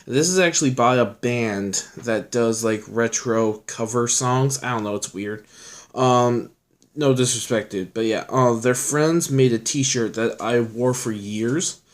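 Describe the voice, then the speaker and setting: A man's voice: medium pitch, unhurried. A young man chatting casually in a vlog, telling rambling stories full of fillers. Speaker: vlogger. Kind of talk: casual chat showing his collection.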